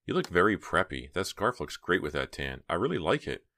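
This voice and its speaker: A man's voice: sing-song, a little fast, bright, forceful tone, exaggerated voice. A man voicing a defensive teenage girl. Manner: pitched up, tense, clipped.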